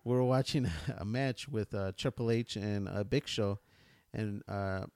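Casual podcast co-host, man, lowish voice, dry close mic, laid-back storyteller. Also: a little slow, darkish tone, clean tone, no echo. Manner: laid-back storytelling, quotes his son in a high voice.

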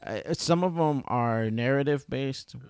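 A man's voice: medium pitch, measured pace, darkish tone, smooth. A man co-hosting a podcast in casual, rambling chat, full of restarts and fillers. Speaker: podcast co-host. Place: Chicago.

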